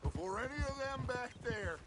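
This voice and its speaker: An actor playing a middle-aged outlaw gang leader who speechifies about lofty ideals, in video game dialogue. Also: male voice, very high voice, lively intonation, normal speed, crowd noise. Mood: relaxed.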